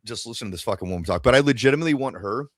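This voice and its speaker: A man's voice: mid-range voice, expressive, racing, dry recording. A man hosting a casual podcast chat, ranting in a profane, exasperated way. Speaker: podcast host.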